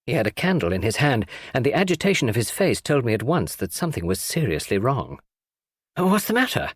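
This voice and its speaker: A man narrating a classic novel in a measured storytelling read. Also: mid-range voice, very animated, husky, no echo, studio quality. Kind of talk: audiobook narration.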